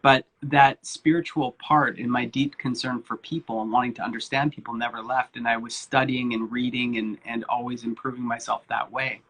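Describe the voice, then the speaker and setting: A husky-voiced man in his forties tells his life story in a loose, candid way. He talks informally, pauses on fillers and swears without fuss. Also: medium pitch, level tone, fairly bright tone. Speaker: guest speaker, spiritual coach.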